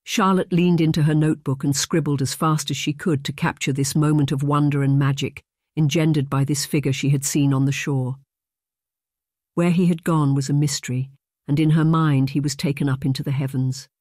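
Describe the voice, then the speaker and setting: Steady audiobook narrator, dry sound. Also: mid-range voice, normal speed, no room sound. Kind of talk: scripted narration.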